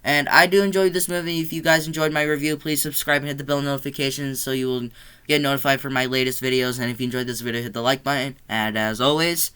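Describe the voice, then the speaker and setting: A man reviewing a horror sequel in a casual vlog, talking bluntly and rambling, his pitch climbing when he gets exasperated. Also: fairly even intonation, fast, pushed and bright, clean tone. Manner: loose, rambling delivery with restarts. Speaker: movie reviewer.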